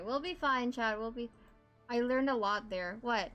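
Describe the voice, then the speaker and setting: A woman's voice: a little high, measured pace, faint music behind. A young adult woman streaming a game, chatting casually and animatedly with her viewers at a desk microphone. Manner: chatty and animated, talks to her chat, exclaims often. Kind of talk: casual gaming livestream chat.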